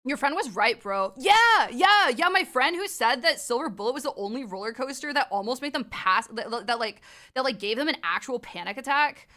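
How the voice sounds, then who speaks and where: A young adult woman streams live, chatting casually with viewers in a high, fairly quick voice. She's excitable, laughs often, and swears freely.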